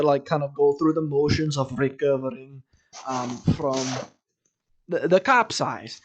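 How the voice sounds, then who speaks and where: A young man with a voice that sits a little high for a guy talks to his podcast mic. He rambles casually through a story, swearing freely and amusing himself as he goes. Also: a little slow, muffled recording, a little hiss or hum. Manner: rambling, profane, self-amused. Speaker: podcast host.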